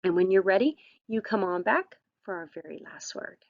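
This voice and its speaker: A woman's voice: mid-range voice, expressive, moderate pace, creaky, no room sound, dull audio. A woman teacher giving a recorded vocabulary lesson, patient and encouraging, with frequent ums and all-rights.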